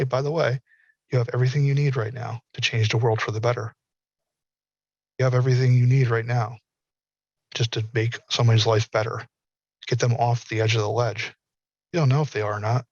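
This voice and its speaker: A man's voice: medium pitch, darkish tone, dry recording, lo-fi sound. A man from the American South, a panel guest talking in an earnest, folksy way and acting out imagined dialogue. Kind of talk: casual panel talk.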